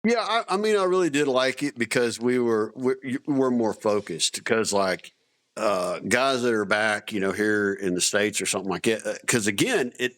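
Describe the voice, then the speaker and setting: A man's voice: fairly low pitch, normal speed, fairly bright tone. A middle-aged man, a veteran guest on a podcast, telling stories casually with many restarts and fillers. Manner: rambling, many restarts, acts out quotes. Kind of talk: casual storytelling interview.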